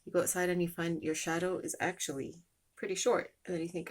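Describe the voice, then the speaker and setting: Breathy, low woman rambling through a story. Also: level tone, fast talker. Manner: rambling and meandering, many fillers. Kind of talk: casual spoken storytelling lesson.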